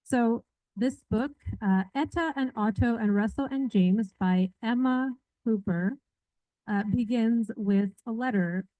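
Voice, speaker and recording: Chatty librarian woman with a mellow voice. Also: on the high side, takes it slowly, no room sound. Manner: chatty and informal, polling the audience. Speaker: librarian defending a book in a debate. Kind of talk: casual talk to a live audience. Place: public library event. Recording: dull, muffled dry audio.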